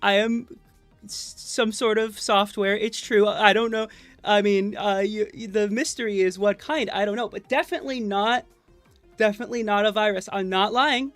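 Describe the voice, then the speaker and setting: A woman's voice: mid-range voice, fairly even intonation, normal speed, no room sound. A nervous woman streamer chatting casually to her viewers at her computer mic, rambling and joking at her own expense. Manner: rambling, playful and self-mocking, with many fillers and restarts. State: nervous, with stage fright. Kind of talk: casual live-stream chat. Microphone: desk microphone at a computer. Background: faint game music.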